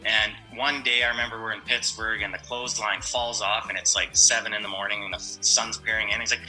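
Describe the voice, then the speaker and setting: A man's voice: lowish voice, level tone, quick pace, sharp tone, soft background music, poor audio. A man telling casual, loose locker-room anecdotes about a former teammate. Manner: loose, laughing storyteller with swearing.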